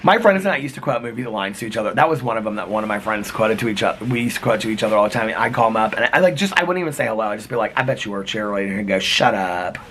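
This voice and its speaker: A man's voice: fairly low pitch, animated, rapid-fire, hardly any pauses, fairly bright tone, a little hiss or hum. A middle-aged man vlogging in casual chat, rambling from story to story, laughing often and quoting old movie lines. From United States.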